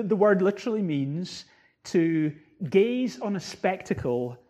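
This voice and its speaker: Emphatic male preacher, higher voice. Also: a little mellow. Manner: emphatic preaching, voice rising on key words; quotes and explains scripture verse by verse. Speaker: pastor. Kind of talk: sermon.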